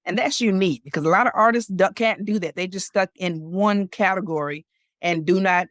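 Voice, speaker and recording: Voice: mid-range voice, brisk, fairly bright tone, no echo, clean studio sound. A podcast co-host speaking earnestly in an interview, praising the guest at length. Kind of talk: casual interview chat.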